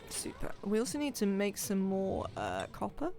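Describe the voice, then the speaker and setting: A woman's voice: mid-range voice, huge pitch swings, moderate pace, vocal fry, dark tone. A woman, chatting and rambling to herself as she plays a game on a live stream. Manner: chatty, rambling self-talk while playing.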